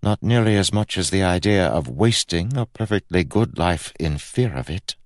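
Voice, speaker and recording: A man voicing a playful, teasing young prince of about twenty, calm and wryly amused. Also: deep voice, moderate pace, no echo, clean studio sound, voice pushed up.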